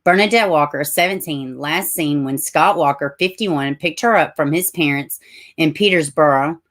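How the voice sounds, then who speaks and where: A low-voiced woman from Tennessee, with a Southern US accent, hosts a casual livestream where she reads the news aloud. She talks at normal speed in a slightly bright tone, chatty and prone to asides and correcting herself.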